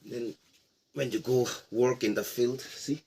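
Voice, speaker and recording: A middle-aged man from Nagaland, guiding a casual tour of a heritage house in a relaxed, explanatory way with playful asides. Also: mid-range voice, a little slow, slightly rough. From Nagaland, India. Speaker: tour guide.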